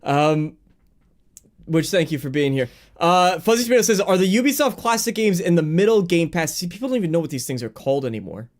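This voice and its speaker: A man's voice: fairly high pitch, very animated, fairly quick, darkish tone. Chatty, laughing stream host, man. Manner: chatty, laughs easily, reads chat aloud. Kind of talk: live-streamed gaming news chat.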